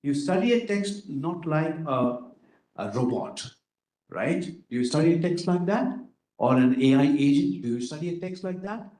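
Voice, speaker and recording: A man's voice: fairly high pitch, expressive, normal speed, mellow. Man lecturing in an echoey room. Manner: questioning the audience, tagging points with "right?". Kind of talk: workshop lecture to students.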